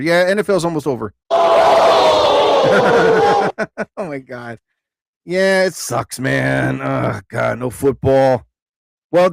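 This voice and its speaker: A man hosting a live stream, telling rambling stand-up stories casually, laughing often and jumping into higher voices to act out quotes. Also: vocal fry, smooth, no room sound. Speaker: live show host, comedian.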